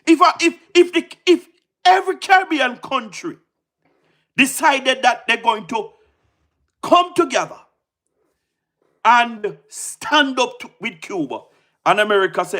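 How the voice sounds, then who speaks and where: A man with a Jamaican accent doing casual livestream commentary, excitable, repeating himself and firing rhetorical questions with frequent laughs. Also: very high-pitched, normal speed, long pauses.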